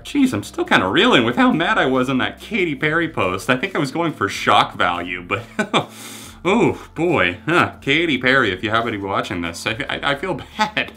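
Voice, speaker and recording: A man's voice: mid-range voice, pushed and bright. A man in his twenties giving sarcastic, self-mocking reaction commentary as a music YouTuber, swearing freely. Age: 20s.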